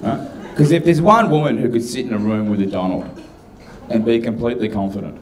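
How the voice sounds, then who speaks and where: A man doing stand-up in a dry, deadpan way. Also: mid-range voice, a little fast. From Australia. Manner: dry, deadpan delivery of edgy jokes. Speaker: stand-up comedian. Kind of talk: stand-up routine. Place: comedy club stage with audience. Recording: live club, crowd audible.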